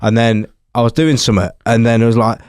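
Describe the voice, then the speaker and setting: A man co-hosting a comedy podcast, throwing in quick jokey asides in casual chat. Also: medium pitch, steady tone, darkish tone, clean tone, dry recording, clean studio sound. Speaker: podcast co-host.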